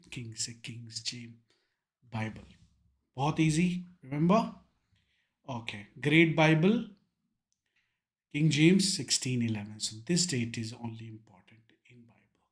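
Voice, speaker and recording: Emphatic Indian English male teacher. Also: medium pitch. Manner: emphatic, drilling key terms, mixes in Hindi words. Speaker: exam-prep teacher. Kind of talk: online revision lecture.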